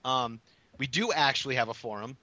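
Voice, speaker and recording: A man's voice: mid-range voice, fairly quick, pushed and bright, low-quality recording. A man co-hosting a podcast in casual chat, teasing and playful. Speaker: podcast co-host.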